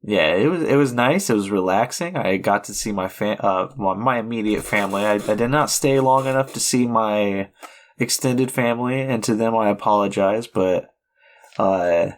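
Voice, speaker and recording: A young man with a lowish voice co-hosts a film podcast. He talks in a relaxed, casual way, laughs often and swears now and then. He sounds close to a podcast mic. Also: normal speed. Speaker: podcast co-host. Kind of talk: casual chat.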